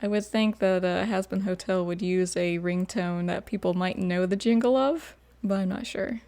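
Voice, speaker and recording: Gravelly chatty woman reactor. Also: lowish voice, steady tone, normal speed, mellow. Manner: chatty, laughs often. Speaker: host. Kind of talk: reaction commentary.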